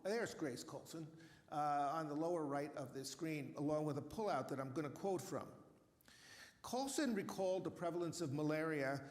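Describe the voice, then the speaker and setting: An older man giving a talk as an author, presenting with slides in a relaxed way with frequent fillers and restarts. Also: a little high. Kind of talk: lecture with slides. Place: lecture hall. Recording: echoey hall from a distance.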